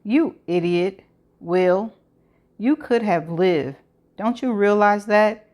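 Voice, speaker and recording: A woman's voice: medium pitch, expressive, slow, a little mellow. A woman voicing a cold, calculating male killer who talks in a weary, mocking way.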